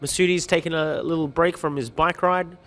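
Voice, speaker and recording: A man's voice: a little high, fairly even intonation, normal speed, fairly bright tone, long reverb tail. A man hosting a livestream, greeting viewers by name with light jokes in an upbeat chatty way. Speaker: livestream host reading viewer comments. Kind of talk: upbeat live-stream chat.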